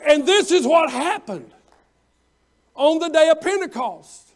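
A man preaching an impassioned revival sermon as pastor, often shouting and calling out members of the congregation by name. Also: very high-pitched, lively intonation, unhurried.

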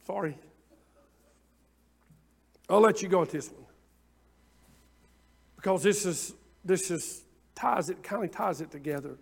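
A man preaching a sermon, impassioned and repetitive at times, then dropping into quiet asides. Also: high-pitched, unhurried, vocal fry, long pauses, slightly rough. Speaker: pastor.

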